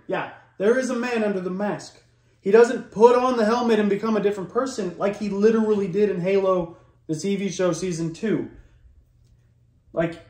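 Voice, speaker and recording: A man's voice: sits high, darkish tone. Profane ranting man, echoey room. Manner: profane, heated, lots of likes and restarts. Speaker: reaction commentator. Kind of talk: ranting reaction commentary.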